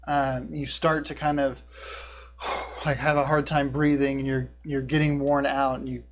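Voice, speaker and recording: A man narrating a tabletop game as game master and hosting a live stream, talking casually with many fillers and a hushed tone for eerie scenes. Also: mid-range voice. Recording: faint buzzing hum in the background.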